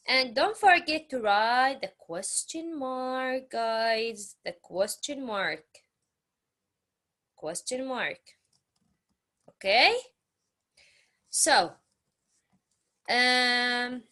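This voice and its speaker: Very slow, bright-voiced woman teaching grammar. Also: on the high side. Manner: drills phrases with repetition and exaggerated question intonation. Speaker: English teacher. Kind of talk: slow classroom grammar lesson.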